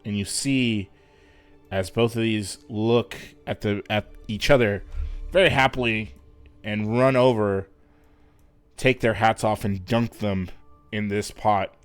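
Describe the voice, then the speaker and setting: A man narrating and running a tabletop fantasy game as game master, in a relaxed, hesitant way. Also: on the low side, slow pace, pauses often, clear, resonant tone, faint music behind.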